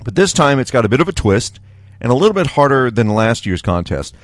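Man, podcast host, casual monologue, chatty, laughs often, mid pitch, dry close sound. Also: sing-song, fairly quick, no room sound.

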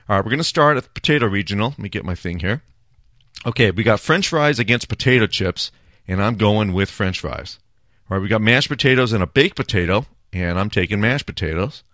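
A man's voice: on the low side, fairly bright tone, no echo, clean studio sound. A man hosting a casual solo talk segment, chatty and decisive as he runs through his picks. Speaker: host. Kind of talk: casual solo talk, playing a food bracket.

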